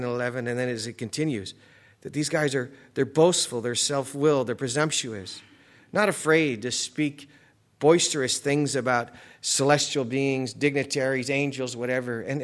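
A man preaching an expository sermon in a conversational way, with frequent restarts and asides, reading scripture aloud with rising emphasis. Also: medium pitch. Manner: conversational, many restarts and "you know" asides.

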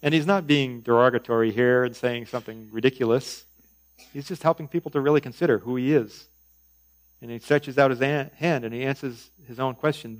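A man preaching in a relaxed, conversational way, his voice at an ordinary middle pitch. He drifts between reading scripture and chatty asides, often pausing on "um" and "you know". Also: low-quality recording. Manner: conversational, with frequent fillers and asides. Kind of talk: sermon.

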